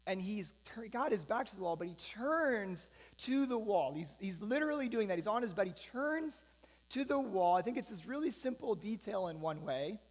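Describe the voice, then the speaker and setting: A man's voice: sits high, lively intonation, normal speed. A man preaching a sermon, retelling a scripture story in a loose, conversational way with frequent asides. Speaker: pastor. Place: church sanctuary. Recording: long reverb of a church hall.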